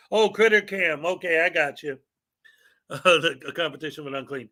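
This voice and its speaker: Bright-voiced joking man on a live stream. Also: on the high side, a little slow, creaky. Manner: joking, laughs often, reads mock legal paperwork aloud. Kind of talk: casual live stream chat.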